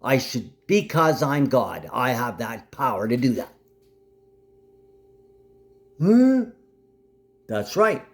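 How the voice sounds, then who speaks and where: A man delivering a rambling monologue to camera, full of restarts, swinging from low grumbling to sudden high outbursts. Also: animated, measured pace, few pauses. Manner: frequent restarts and half-finished sentences. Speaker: vlogger.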